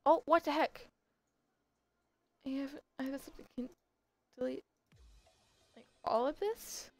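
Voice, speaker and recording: High-voiced young woman hosting a livestream. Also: a little slow, no room sound. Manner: excitable, gasps and laughs, squeals when thanked. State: sore throat from screeching. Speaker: livestream host running giveaways. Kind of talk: casual livestream chat.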